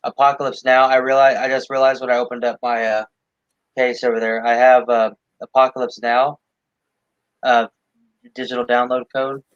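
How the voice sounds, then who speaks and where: Halting man over muffled audio. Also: medium pitch, flat delivery, smooth, dry recording. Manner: hesitant, halting, lots of fillers. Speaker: guest co-streamer. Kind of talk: casual chat.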